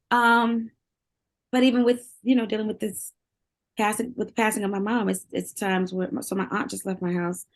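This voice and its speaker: A woman's voice: medium pitch, level tone, normal speed. A middle-aged woman speaking candidly and emotionally in an interview, often repeating words and laughing. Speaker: interview guest, singer.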